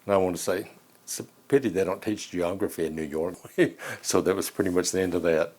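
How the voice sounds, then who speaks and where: A man's voice: low voice, steady tone, brisk, darkish tone. A man from Arkansas with an Arkansas Southern accent, telling an interview anecdote with dry, wry humor.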